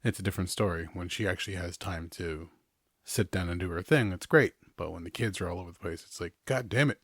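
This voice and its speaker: A man in his thirties with a fairly low voice, talking loosely as a podcast host. He rambles along in easygoing chat and chuckles often between his remarks. The sound is close and dry, with little room around it. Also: fast, a bit bright, breathy edge, no echo. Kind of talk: casual chat.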